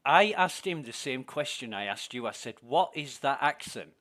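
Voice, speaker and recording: A man leads a group of friends through a game over voice chat. His voice is bright and forward, and his talk is friendly and loose, with easy laughs and quick apologies. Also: medium pitch, expressive. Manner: chatty, friendly, laughs easily. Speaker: gaming streamer leading a group. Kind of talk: casual gaming chat over voice call.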